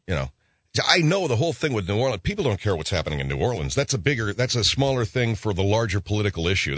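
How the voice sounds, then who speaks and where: Rambling comic radio host, dry mic. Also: male voice, medium pitch, no echo. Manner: rambling, animated, slips into mock voices. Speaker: radio talk show host. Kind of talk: comedic radio monologue.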